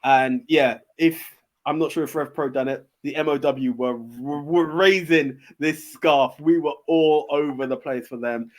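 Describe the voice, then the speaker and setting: A man's voice: on the high side, measured pace. A man, hosting a podcast in casual, enthusiastic chat with many fillers and restarts. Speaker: podcast host.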